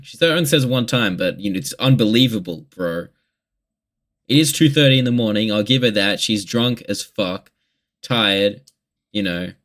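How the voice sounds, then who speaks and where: Man, young adult, low voice, casual confessional vlog, rambling, lots of swearing. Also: lively intonation, moderate pace, a bit bright. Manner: rambling, heavy swearing, candid. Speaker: vlogger.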